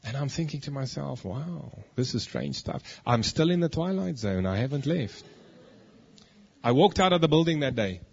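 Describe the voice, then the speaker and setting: A man, preaching a sermon and telling his own testimony, moving between hushed asides and emphatic declarations. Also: medium pitch, big pitch swings, moderate pace, gravelly, breathy edge, dull audio. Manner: storytelling, swings from hushed to emphatic.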